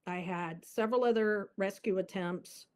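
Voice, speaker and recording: A woman's voice: mid-range voice, normal speed, darkish tone. A woman guest in an interview, telling a personal story earnestly and vividly, with many fillers.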